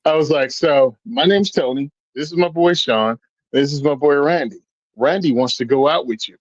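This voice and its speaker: A man's voice: on the high side, moderate pace, no echo, muffled recording. A man telling stories in casual chat as a podcast guest, acting out the voices of the people he quotes. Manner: animated storyteller, acts out quoted voices.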